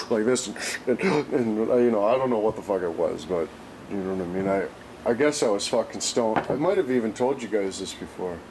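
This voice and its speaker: A man's voice: medium pitch, darkish tone, slight background noise, rough recording. A man telling a rambling story on his vlog, swearing constantly and filling gaps with "like" and "uh". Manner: rambling, heavy swearing, many fillers. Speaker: vlogger.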